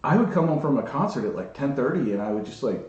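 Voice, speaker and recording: A man co-hosting a podcast, chatting casually and cracking quick jokes. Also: medium pitch, very animated, darkish tone, heavy reverb, highs cut off. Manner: joking, quick quips. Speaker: podcast co-host. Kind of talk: casual chat.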